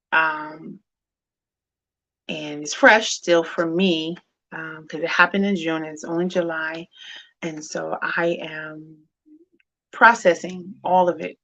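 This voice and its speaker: A woman's voice: fairly low pitch, vocal fry, pushed and bright. A middle-aged woman hosting a grief discussion in casual, heartfelt chat, candid and rambling with many fillers and restarts. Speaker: host of a women's grief discussion.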